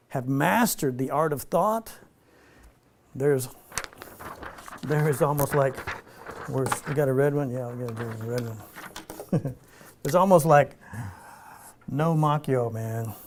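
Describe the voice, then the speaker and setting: A man leading an informal spiritual teaching for a small group, relaxed and playful, slowing down for emphasis. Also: a little high, slight background noise. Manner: relaxed, playful, laughs often, slows for emphasis.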